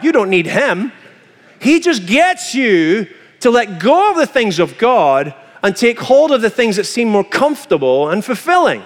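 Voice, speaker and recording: High-voiced man preaching in an echoing hall. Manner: animated preaching, acting out quoted voices. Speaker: pastor. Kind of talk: sermon.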